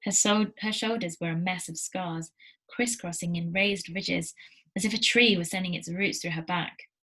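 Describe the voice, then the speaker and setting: A teacher reading a novel aloud to her class in a steady storytelling manner, with small slips. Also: on the low side, normal speed, low-quality recording.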